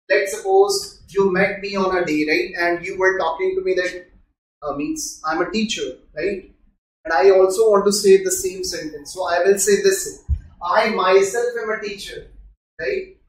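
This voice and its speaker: Picked up from far off in an echoey room with a little background noise, this high-pitched man with an Indian English accent runs a live grammar lesson. He explains things patiently and keeps putting questions to his students.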